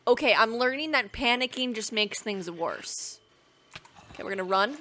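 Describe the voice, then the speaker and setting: A young woman giving excitable let's-play commentary, chatting to in-game animals and squealing when things go wrong. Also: a little high, normal speed, a little hiss or hum. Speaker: gaming video creator.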